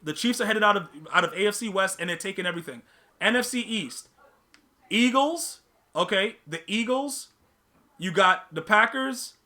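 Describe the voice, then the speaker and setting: High-voiced, bright man hosting a live stream. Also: normal speed. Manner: animated, slangy, repeats himself, teases the chat. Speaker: podcast host reading live chat. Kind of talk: casual livestream chat.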